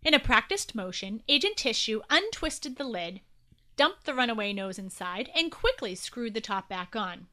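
A woman narrating a children's story in an expressive, animated reading. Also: fairly high pitch, moderate pace.

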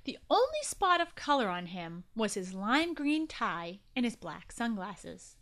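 A woman hosting and narrating a children's story show with an animated, expressive reading. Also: fairly high pitch, a little slow.

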